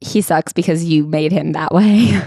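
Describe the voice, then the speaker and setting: A woman's voice: sits low, measured pace, dark tone, dry recording. A woman co-hosting a comedic podcast, reading from a memoir and adding dry, sarcastic asides. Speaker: podcast co-host. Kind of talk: comedic book recap chat.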